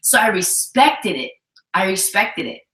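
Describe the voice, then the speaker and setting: Woman co-host, lively storyteller, bright tone, echoey room sound. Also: mid-range voice, unhurried. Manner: animated storytelling, acts out quotes. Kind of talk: casual couple chat.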